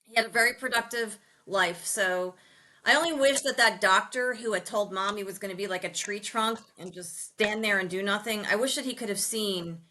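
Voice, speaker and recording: A middle-aged woman hosting a podcast, telling family stories in a lively way, laughing often and acting out quotes. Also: mid-range voice, moderate pace, a little hiss or hum. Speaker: podcast host. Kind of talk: casual family storytelling.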